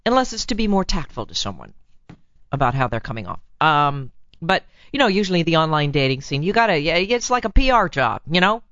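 A woman's voice: low-pitched, very animated, fairly quick, fairly bright tone, no echo, dull audio. A woman hosting a relationship advice show, talking frankly and laughing easily as she reads a listener's letter.

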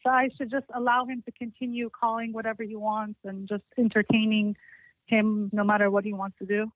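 A woman's voice: mid-range voice, little pitch movement, a little fast, no room sound. A woman in her thirties calling an advice show, sounding frustrated and defensive. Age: 30s. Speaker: caller. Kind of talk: call-in advice conversation. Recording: tinny phone line.

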